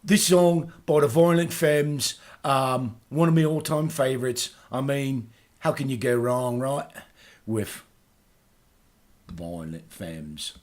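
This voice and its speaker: A man plays a boastful, aging British punk singer with a Liverpool accent who guest hosts a radio show for comic effect. His medium-pitched, lightly acted voice moves slowly, rambling and hesitant with fillers, until he bursts into loud ranting.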